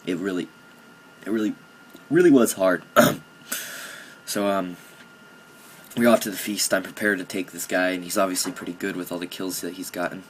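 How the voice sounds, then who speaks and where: Young male gaming commentator, lowish voice, casual with mock-serious theatrics, faint noise behind. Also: flat delivery, brisk, long pauses, a bit bright. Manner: mock-dramatic, joking about his own feelings.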